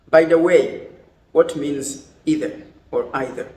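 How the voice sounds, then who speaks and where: Burundian male English teacher, fairly high voice, careful drills, echoey room. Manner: slow, deliberate word-by-word pronunciation drills, switching languages. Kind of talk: pronunciation lesson.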